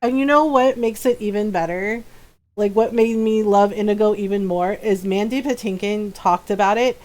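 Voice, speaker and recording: A woman streaming a game and chatting casually with viewers, bubbly and talkative and quick to laugh. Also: mid-range voice. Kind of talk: casual gameplay chat.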